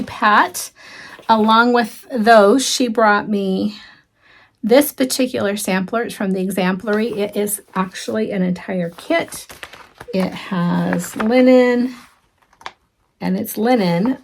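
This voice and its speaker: A woman vlogging from her crafting room at home, talking her viewers through stitching gifts at an unhurried pace. Her voice has a gravelly, fry-tinged edge. She gushes over each item and drifts into soft asides, with plenty of ums. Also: mid-range voice, a little hiss or hum. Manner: chatty, gushing, with frequent ums and soft asides. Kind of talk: casual show-and-tell chat.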